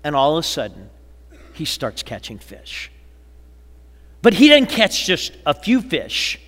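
A man pastor preaching a sermon, slowing and dropping to a hush for emphasis and acting out the people he quotes. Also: on the high side. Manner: dramatic preaching, slows and drops to a hush for emphasis; acts out quoted people in a lively voice. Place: large church auditorium. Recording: long hall reverb, church sanctuary.

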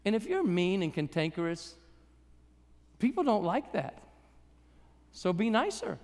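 A middle-aged male pastor preaching in a loose, conversational style, slipping in jokes before pressing his points hard. His voice sits high, and a long hall reverb trails behind every phrase from the live church service. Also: very animated, measured pace. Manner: conversational preaching with humor and rising emphasis. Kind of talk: sermon.

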